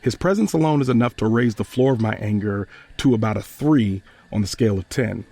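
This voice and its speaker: A man hosting a podcast, retelling a personal story in a measured, earnest way. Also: lowish voice, dark tone, dry recording.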